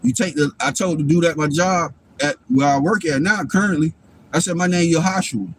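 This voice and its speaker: A father hosting a livestream talks a little fast in a slightly high voice. His casual monologue rambles, turns profane and preachy, and he keeps asking "you know what I'm saying" to check that you follow.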